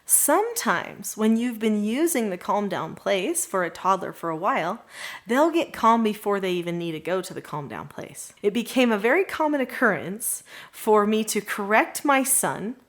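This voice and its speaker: A middle-aged woman giving parenting advice straight to the camera in an earnest, reassuring way, sometimes softening to a calm, gentle voice. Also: mid-range voice, normal speed. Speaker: parenting educator.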